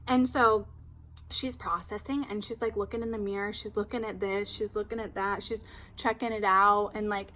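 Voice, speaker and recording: A woman hairstylist telling a client story in casual, animated chat, full of "like". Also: mid-range voice, moderate pace. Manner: chatty, animated, heavy use of "like".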